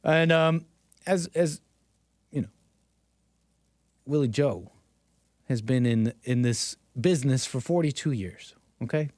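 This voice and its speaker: A man's voice: medium pitch, takes it slowly, long pauses, darkish tone, dry recording, studio quality. A man hosting a political commentary livestream, talking sarcastically to his chat and chuckling often. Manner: talks straight to chat. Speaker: livestream host.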